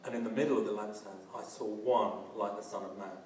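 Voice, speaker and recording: A man's voice: on the low side, fairly even intonation, fairly quick, a little mellow, a little hiss or hum. A man preaching a sermon earnestly, often restarting and using fillers. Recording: roomy, from a distance.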